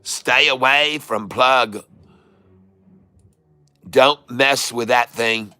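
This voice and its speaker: Middle-aged guy streaming stock picks, punchy sharp voice, says the same thing over and over to the folks. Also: mid-range voice, extremely slow, clean tone. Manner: emphatic and repetitive, laughs often, addresses viewers as folks. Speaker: day-trading streamer. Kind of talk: casual livestream stock commentary.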